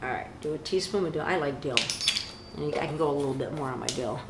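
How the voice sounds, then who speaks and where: A woman's voice: deep voice, quick pace, reverberant, very noisy. A woman hosting a home cooking video, chatty and enthusiastic as she walks through each step. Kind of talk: casual cooking demonstration.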